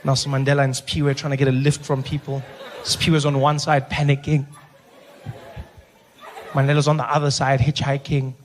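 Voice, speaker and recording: A man in his forties with a South African accent, telling a stand-up story with animated delivery. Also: mid-range voice, normal speed, long pauses, noisy background. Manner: animated storytelling, lots of voices. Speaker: stand-up comedian. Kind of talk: stand-up comedy.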